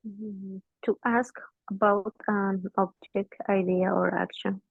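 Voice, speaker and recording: A woman's voice: medium pitch, little pitch movement, takes it slowly, gravelly, husky, no echo. A woman student giving brief, hesitant answers in class over muffled call audio.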